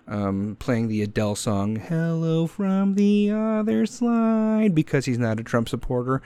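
A man's voice: mid-range voice, a little mellow, no room sound. A man hosting his own podcast, talking straight into the microphone in a casual, profane, rambling and sarcastic rant. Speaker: podcast host. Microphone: podcast microphone, pop filter.

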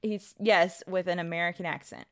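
A woman's voice: on the low side, fairly even intonation, normal speed. A woman co-hosting a casual podcast discussion who argues her point firmly, with frequent restarts. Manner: firm, argumentative, many restarts. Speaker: podcast co-host.

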